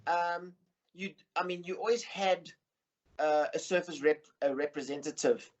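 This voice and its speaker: A man's voice: on the high side, a little slow. A middle-aged man in a casual interview as a surf coach, talking in a rambling way with many fillers and restarts. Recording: muffled lo-fi recording.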